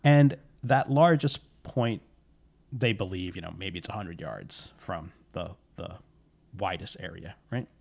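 Guy w a lowish voice rambling thru a story, lots of "you know"s. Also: animated, measured pace, gravelly, darkish tone. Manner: rambling, many fillers, self-correcting. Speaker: podcast storyteller. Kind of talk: casual storytelling chat.

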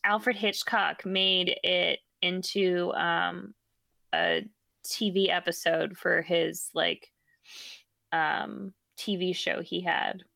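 A woman's voice: on the low side, steady tone, takes it slowly, vocal fry, bright, forceful tone, no echo. A woman co-hosting a casual podcast who retells stories in a rambling way with lots of ums and likes. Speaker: podcast co-host. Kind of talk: casual chat.

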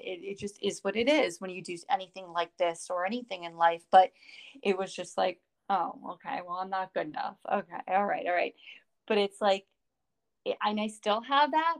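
Rambling gravelly-voiced woman podcast host. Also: mid-range voice. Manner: rambling, many fillers and restarts. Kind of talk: casual podcast chat.

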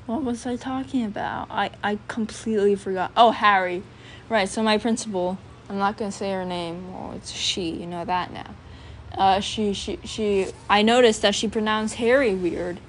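A woman's voice: mid-range voice, a little hiss or hum. A woman vlogging in a casual, rambling monologue, full of fillers, who repeats sounds aloud to show how they are spoken. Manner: chatty, filler-heavy, sounds out phonetic examples. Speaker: student vlogger.

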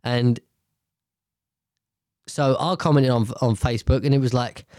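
A man's voice: medium pitch, fairly even intonation, a little slow, darkish tone. A man talks off the cuff on his own podcast, drifting from point to point and swearing as he goes. His voice sits in a middle register. The sound is close and dry, with no room echo. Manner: rambling, profane, restarts often. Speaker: podcast host. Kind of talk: casual solo podcast rant. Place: at a table at home.

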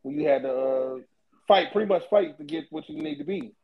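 A man's voice: a little high, sing-song, a little fast, vocal fry, phone-quality sound, crowd noise. A man co-hosting a podcast, rambling through profane stories in casual chat. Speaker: podcast co-host.

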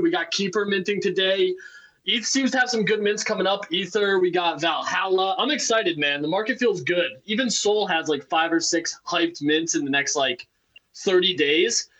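A man calling into a podcast from a hotel room, talking loudly in a laid-back way. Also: sits high, normal speed. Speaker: guest. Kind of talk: casual podcast chat. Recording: dull lo-fi remote audio.

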